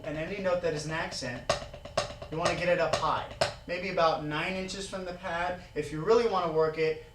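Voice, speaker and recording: A man's voice: a little high, background noise. A man teaching a drumming exercise in a casual way, counting beats aloud, recorded in an indoor practice room from a camera mic across the room. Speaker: drum teacher. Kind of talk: casual instructional talk. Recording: roomy, distant mic with drumming.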